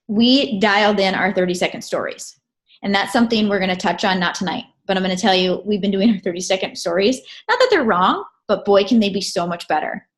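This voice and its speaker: A woman presenting a casual, storytelling recap of a training event. She talks in an animated way and keeps checking in with her listeners. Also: mid-range voice.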